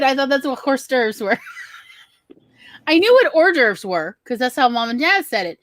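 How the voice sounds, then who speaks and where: A woman co-hosting a casual chat show talks in loose, rambling stories full of fillers. Her voice sits a bit high. The sound is dry and close, with no room around it. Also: sing-song, unhurried, a bit bright, no room sound. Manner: chatty, rambling storyteller with many fillers. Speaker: podcast co-host.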